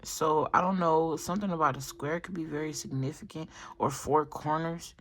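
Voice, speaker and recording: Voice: medium pitch, creaky, a bit bright, slight background noise. A tarot reader giving a casual spoken reading, rambling with restarts and filler asides, and talking straight to viewers. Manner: chatty, addresses viewers directly.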